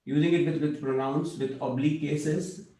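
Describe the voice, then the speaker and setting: A man's voice: a little high, fairly even intonation, normal speed, warm tone, roomy sound, rough recording. A man teaching a language class, explaining patiently and checking in with students often. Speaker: Hindi teacher.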